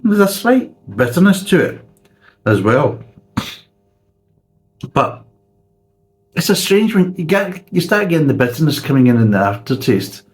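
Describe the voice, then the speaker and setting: Sweary, animated man. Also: a little high, unhurried, long pauses, rough recording. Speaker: beer reviewer. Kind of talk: casual beer review chat.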